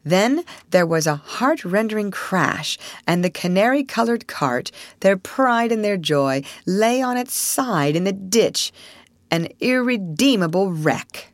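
A woman narrating a classic storybook aloud in an expressive, measured way. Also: medium pitch, no echo.

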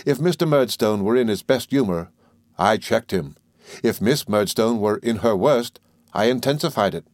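Brief: male narrator, lowish voice, measured storytelling, dry close sound. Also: animated, no echo. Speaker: audiobook narrator. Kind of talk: scripted narration.

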